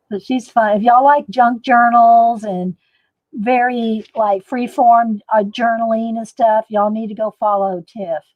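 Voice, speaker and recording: A woman's voice: a little high, steady tone, slow, dry recording, highs cut off. A woman chatting casually to viewers while painting in a live art demo. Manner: chatty, laughs often, talks to viewers.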